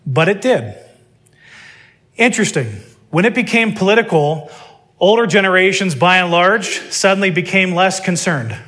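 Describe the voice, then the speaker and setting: A man's voice: sits high, animated, moderate pace, a bit bright. A man preaching a sermon, emphatic and full of rhetorical questions.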